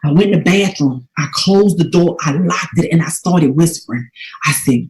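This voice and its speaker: A woman, telling a personal testimony in an emphatic, preacher-like way that swings from hushed to loud. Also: sits low, normal speed, reverberant, poor audio. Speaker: motivational speaker. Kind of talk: testimony-style motivational talk.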